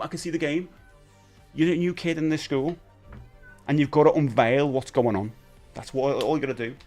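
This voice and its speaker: British male streamer, forties, chatty and animated, over soft background music. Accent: British English. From United Kingdom. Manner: animated, jumps between high excited bursts and low mutters. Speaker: livestream host. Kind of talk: casual live stream chat.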